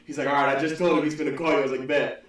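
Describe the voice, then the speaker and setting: A podcast host talks fast in a casual chat, telling stories full of profanity and laughter. His voice is on the high side with little pitch movement. The room is echoey and holds several people, the mic is distant, and other talk can be heard behind him.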